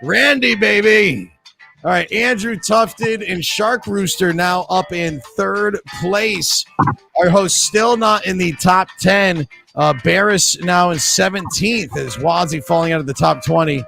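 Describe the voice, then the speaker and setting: A man's voice: high voice, unhurried, vocal fry, bright, forceful tone, soft background music. A man hosting a live trivia game, reading questions and answer choices in a chatty, joking way. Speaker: trivia host.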